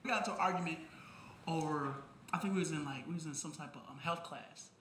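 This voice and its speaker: Young man, early twenties, high voice, casual storytelling, animated, echoey room, faint hiss behind. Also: fast. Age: young adult, about 21. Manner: animated, acts out quoted people, frequent "you know what I'm saying". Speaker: interviewee in a photo project. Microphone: recorded conversation played back in the talk.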